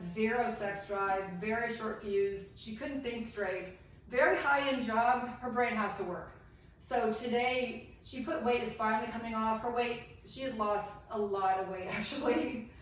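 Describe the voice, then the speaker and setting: A middle-aged woman giving a live health seminar, earnest and encouraging, asking the audience questions. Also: medium pitch. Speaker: medical seminar presenter. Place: seminar room. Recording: echoey room from far off, faint noise.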